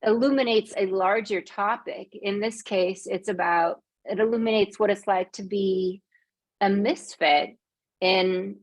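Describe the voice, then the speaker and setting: A woman's voice: medium pitch, steady tone, unhurried, no room sound. A woman author talking in a casual, chatty way on a video call, often saying "like". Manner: conversational, chatty, uses "like" often. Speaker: memoir author guest.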